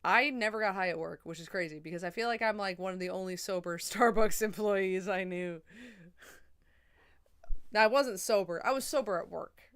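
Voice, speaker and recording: A young woman chatting casually on a livestream, rambling and swearing, a little drunk and high. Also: normal speed, a bit bright, clear, resonant tone.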